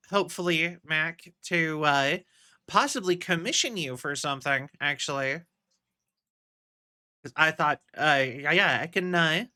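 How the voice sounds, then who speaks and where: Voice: medium pitch, pushed and bright. A live streamer in casual, rambling chat with viewers, restarting sentences and saying "y'all". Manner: rambling, chatty, restarts a lot; uses "y'all".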